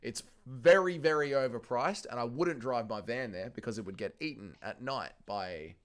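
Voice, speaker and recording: A young Australian man hosts a livestream at a medium pitch and normal speed, chatting casually and reading chat messages in a rowdy, profane way. Faint music plays behind him.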